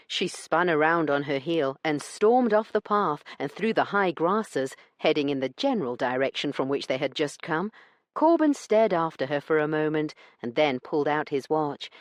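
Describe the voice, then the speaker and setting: A woman narrating an audiobook in an expressive, storytelling manner. Her voice is fairly low but rises and falls freely. The recording is close and dry, with no room sound. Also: moderate pace, dry recording. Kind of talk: scripted narration.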